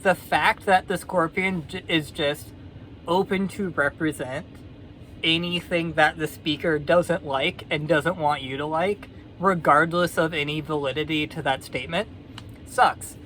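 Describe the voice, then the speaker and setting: A woman vlogger telling a fable in a casual, sardonic, rambling way with deadpan asides. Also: deep voice, a little hiss or hum. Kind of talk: casual storytelling commentary.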